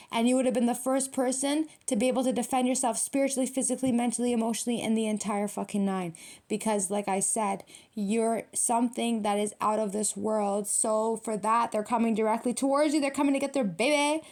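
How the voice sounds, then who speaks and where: A young adult woman with a fairly high, somewhat mellow voice gives a casual tarot reading. She's blunt and profane, leaning on street slang and repeating herself for emphasis.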